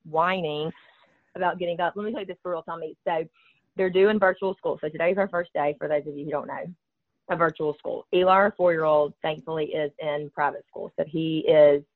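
A woman's voice: deep voice, no echo. A middle-aged woman with an Alabama Southern accent, co-hosting a podcast in casual, rambling, joking chat. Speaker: podcast co-host. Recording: tinny phone-like line, dry.

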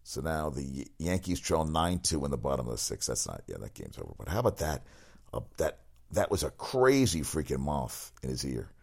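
A man's voice: rumbling low, fairly quick, gravelly. A middle-aged man hosting casual sports talk, rambling and swearing as he tells stories and reacts to the news. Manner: rambling, profane, animated storytelling. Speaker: sports talk show host.

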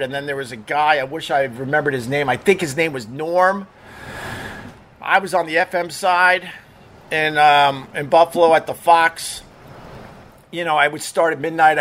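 A man's voice: a little high, a bit bright, slight background noise. A middle-aged man, a former radio DJ, telling casual stories in a rambling, profane way, full of fillers and restarts. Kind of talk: casual storytelling monologue.

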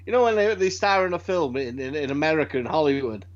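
A high-pitched man from Britain talks in a loose, rambling way, swearing and stumbling over his restarts. The recording sounds dull and lo-fi. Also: fast talker. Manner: rambling, animated, swears freely, frequent restarts. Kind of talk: casual chat.

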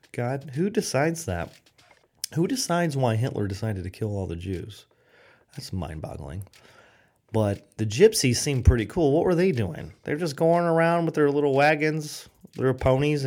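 A man's voice: lowish voice, darkish tone. Rambling man on a comedy rant. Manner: rambling, irreverent, jokey. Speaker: podcast host.

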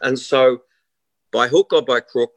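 Brief: musician guest, mid-pitched, chatty storyteller with restarts. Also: male voice, measured pace, no room sound. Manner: rambling, animated storyteller with many restarts and quoted voices. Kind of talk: casual interview talk.

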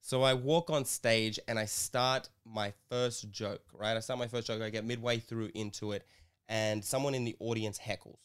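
A young man, a comedian co-hosting a podcast, telling a story in casual chat, animated and swearing freely. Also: lowish voice, normal speed, smooth.

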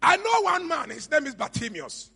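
A man with a Ghanaian accent, a pastor preaching a sermon, rising to high shouts and falling to quiet murmurs. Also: very animated, moderate pace, vocal fry. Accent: Ghanaian English. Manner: preaching, shouts to a high pitch then drops to a low murmur. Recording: reverberant church hall with music behind.

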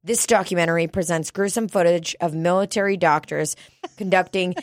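A woman co-hosting a podcast in casual chat, swearing a lot, excitable and quick to laugh. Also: lowish voice, no room sound, studio quality. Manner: profane, excitable, laughs often. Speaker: podcast co-host.

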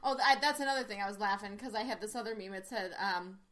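A woman's voice: medium pitch, fast, fairly bright tone. A woman co-hosting a podcast in casual chat, chatty and laughing often, with frequent "like" fillers. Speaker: podcast co-host.

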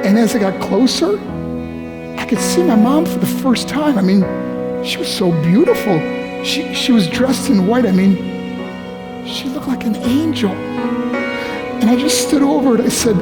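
A man's voice: high-pitched, animated, normal speed, long pauses, loud music behind the voice. A man telling a personal story as a motivational speaker to teenagers, his voice rising with emotion.

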